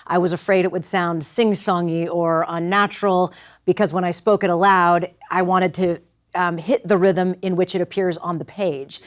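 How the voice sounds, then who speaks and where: Measured woman teaching verse. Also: on the low side, flat delivery. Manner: clear, measured, demonstrative. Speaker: acting teacher. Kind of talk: lecture with demonstrations.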